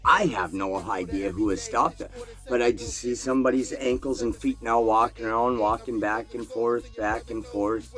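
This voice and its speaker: A man telling a crude, profane personal story in a casual, animated way, swearing constantly. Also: mid-range voice, moderate pace, faint music behind.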